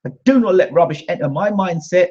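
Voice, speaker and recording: On the dull lo-fi recording, the host's voice is high, mellow and husky, expressive and fairly quick. He's a British man on his own channel, delivering a combative, indignant monologue to camera and saying things more than once.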